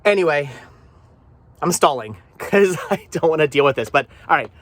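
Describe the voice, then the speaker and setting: Man, vlogger, phlegmy with a cough, a bit higher-pitched voice, rambling self-talk outdoors, camera set down nearby. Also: animated, moderate pace, a bit bright, dry recording. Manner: rambling, repeats words, self-talk while working. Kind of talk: casual vlog chat. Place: outdoors by his van.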